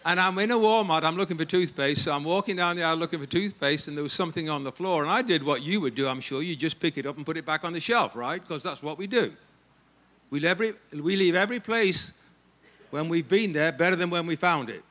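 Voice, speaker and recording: An English man giving a humorous storytelling talk to a staff gathering, animated and quick to laugh. His voice sits a little high and rings bright and forceful. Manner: animated, jokey, laughs often. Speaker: speaker at a ministry staff gathering.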